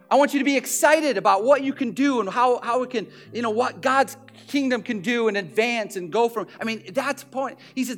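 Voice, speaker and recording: High-voiced man preaching a sermon. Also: fairly bright tone. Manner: conversational preaching with repetitions. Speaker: pastor.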